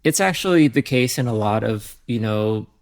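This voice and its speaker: Gravelly-voiced man, candid and rambling. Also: lowish voice, animated, normal speed. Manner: candid, rambling, lots of fillers and restarts. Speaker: software founder and guest. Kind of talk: casual podcast interview.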